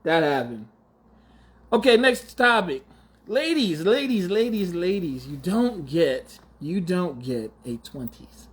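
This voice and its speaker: Animated, slangy man in his forties. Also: sits high. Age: 40s. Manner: animated, laughing often, mock-outraged; slangy, teasing. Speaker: podcast host. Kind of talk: casual monologue.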